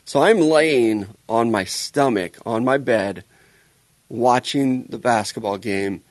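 A man's voice: medium pitch, takes it slowly, no room sound. Thirty-something guy on a podcast, joking around and cussing, dry close mic. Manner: joking, storytelling, swears freely. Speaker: podcast co-host. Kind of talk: casual podcast banter.

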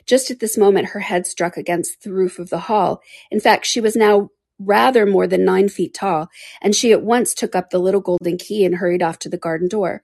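A woman narrating a classic storybook in a measured storytelling voice. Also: mid-range voice, fairly even intonation, gravelly, darkish tone, breathy edge, no echo. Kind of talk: audiobook reading.

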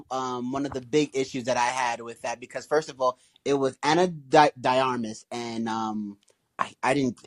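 A co-host in a relaxed podcast conversation, agreeing easily and stumbling over restarts. The voice sits at an ordinary middle pitch. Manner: hesitant, agreeable, restarts often. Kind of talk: casual chat.

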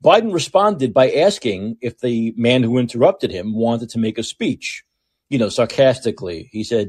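Sarcastic, husky-voiced male podcast host. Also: medium pitch, moderate pace. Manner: sarcastic, mocking, animated rants. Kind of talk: political commentary monologue.

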